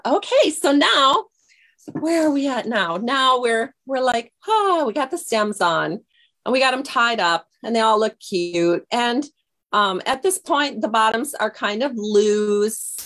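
A woman's voice: on the high side, expressive, measured pace, a bit bright. Chatty woman demonstrating a craft project. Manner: chatty, scattered, loses her train of thought. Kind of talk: casual craft tutorial.

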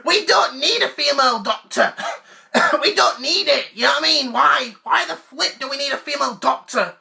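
A man's voice: extremely high pitch, moderate pace, gravelly, bright, forceful tone, exaggerated voice. A man doing a whiny, stammering fanboy. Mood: ranting. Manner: stammering, full of fillers; indignant, whiny. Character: obsessive whiny adult male sci-fi fanboy. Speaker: comedy sketch character. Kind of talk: comedic rant to camera.

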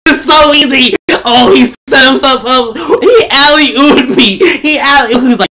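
A man's voice: extremely high pitch, unhurried, hardly any pauses, bright, forceful tone. A young man hosting a gaming video, giving live gameplay commentary full of brash, profane, mocking trash talk.

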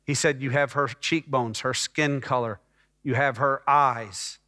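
A middle-aged pastor from Texas preaching a sermon as a personal testimony, emotional and rising to fervent peaks. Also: male voice, medium pitch, steady tone, a little slow, bright, forceful tone. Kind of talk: sermon storytelling. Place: church sanctuary. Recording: church hall reverb.

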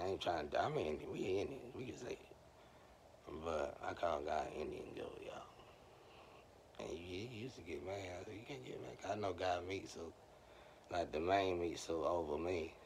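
A man's voice: deep voice, a little hiss or hum. A man telling loose, slangy stories in a rambling monologue, speaking straight to his viewers.

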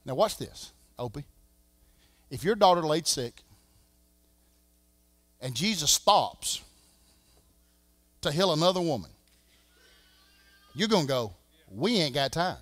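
A Southern man preaching a sermon as pastor, swinging from shouting to a hush. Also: a little high, lively intonation, takes it slowly, long pauses, no room sound. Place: church sanctuary.

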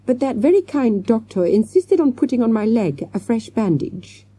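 A woman's voice: a little high, big pitch swings, moderate pace, dark tone, breathy edge, voice pushed up. A woman doing a gushing, bossy foreign lady guide. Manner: muddled foreign word order, theatrical exclamations. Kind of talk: audiobook character voice.

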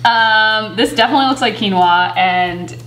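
A woman's voice: medium pitch, normal speed, a bit bright. A woman taste testing food in casual chat, bubbly and giggly. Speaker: taste tester. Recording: roomy room with background music.

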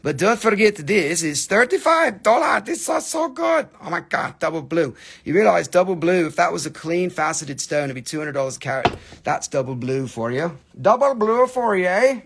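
A man running a live sales stream, joking, swearing and excitable, while he is losing his voice. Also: a little high, normal speed, breathy edge.

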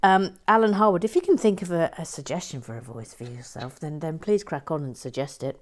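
A woman hosting a Lego build channel, reading viewer comments playfully and whispering softly while building. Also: sits low, fairly quick. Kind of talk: casual chat and soft whispered building commentary.

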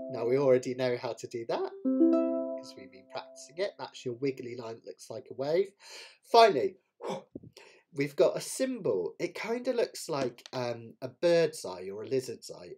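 A man's voice: mid-range voice, mellow. A man teaching a live online ukulele lesson, chatty and self-deprecating, explaining each point as he demonstrates it. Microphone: webcam setup with close camera. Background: ukulele playing.

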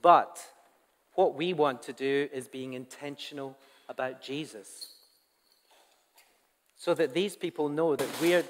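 A man giving a sermon to his congregation, earnest and conversational, with asides to the people in front of him. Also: fairly high pitch. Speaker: pastor. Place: church hall. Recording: long church reverb.

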